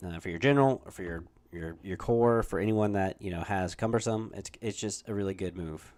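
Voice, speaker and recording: Host, laid-back and rambling, low voice. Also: male voice, brisk, darkish tone. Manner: easygoing, rambling with many fillers and restarts. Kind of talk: casual livestream chat.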